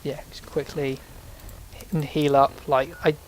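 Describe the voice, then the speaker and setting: A man's voice: medium pitch, little pitch movement, measured pace, a little hiss or hum. A man giving rambling, casual commentary while playing a video game, sometimes swearing when startled. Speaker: let's play host.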